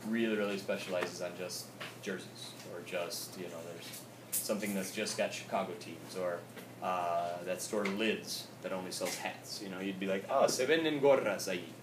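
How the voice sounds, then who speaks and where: A man's voice: sits low, fairly even intonation, moderate pace, distant mic. A male teacher giving a casual classroom grammar lesson, mixing English and Spanish and checking in with "okay?" again and again. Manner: casual, repeats "okay?" often, switches between English and Spanish. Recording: echoey room recorded from afar, with noise.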